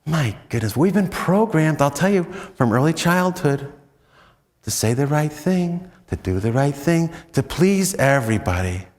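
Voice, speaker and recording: An American man, a priest, telling stories in a chatty, self-mocking retreat talk full of "you know"s, and often breaking into animated high swoops. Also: measured pace, big-room sound. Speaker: priest giving a spiritual talk.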